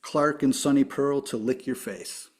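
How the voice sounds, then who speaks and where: A man hosting a podcast interview, upbeat and friendly as he asks his guest quick questions. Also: medium pitch, slightly rough. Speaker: podcast host. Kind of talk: casual interview.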